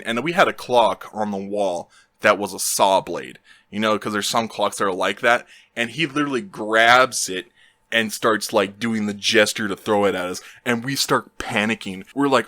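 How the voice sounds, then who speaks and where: A young man telling a casual story-time tale, slangy and full of "like," jumping to loud shouts when quoting the lines. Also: fairly low pitch, fairly quick, dry recording. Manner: animated, shouts quoted lines loudly; casual slangy talk with frequent "like". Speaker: storytelling vlogger.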